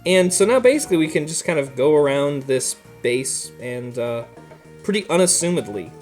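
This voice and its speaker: A man's voice: fairly high pitch, normal speed, soft background music. Easygoing male gamer explaining controls. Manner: relaxed, rambling, many fillers and laughs. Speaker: let's play host. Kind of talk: casual gameplay commentary.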